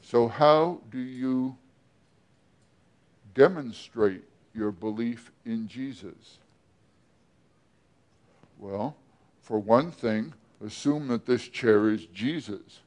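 A male pastor delivers a sermon at an unhurried, deliberate pace. He keeps turning to the congregation with questions and pauses between phrases, in a voice of ordinary pitch. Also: a little mellow.

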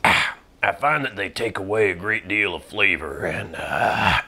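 A man's voice: sits low, takes it slowly, pushed and bright, voice pushed down, exaggerated voice. A man doing a thick, phlegmy old pipe smoker. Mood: puzzled. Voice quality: thick, phlegmy, throat-clearing.

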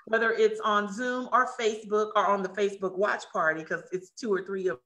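Excited woman running a live webinar on a video call, crisp bright voice, lots of restarts. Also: medium pitch, a little fast. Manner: excited, effusive, many restarts. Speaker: webinar host.

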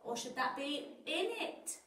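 A plucky little vegetable superhero with a bold, confident delivery, as a woman voices him. The voice is high and a touch distant in an echoey room. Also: measured pace, a bit bright, slight background noise. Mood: heroic. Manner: bold, heroic declarations. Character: brave little male sweet potato superhero, confident.

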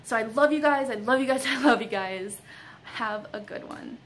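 A young woman with a bright, slightly high voice gushes thanks to her fans in a casual vlog. She giggles often and fills her talk with ums and likes. A faint hiss sits under the recording. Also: normal speed, low-quality recording. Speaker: author and vlogger.

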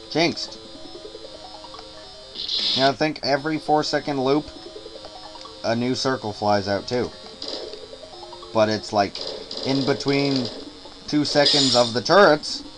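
A man's voice: mid-range voice, rough recording. A man giving casual commentary while playing a hard game, frustrated, swearing, and muttering and humming to himself while worn out from staying up all night. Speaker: let's player. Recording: game music loud underneath. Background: game music.

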